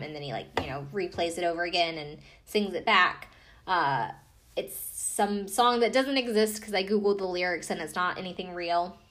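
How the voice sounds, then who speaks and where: Woman, podcast host, mid-pitched, loose chatty recap with lots of asides. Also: fairly bright tone. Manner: chatty, rambling, many fillers and asides. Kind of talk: casual chat.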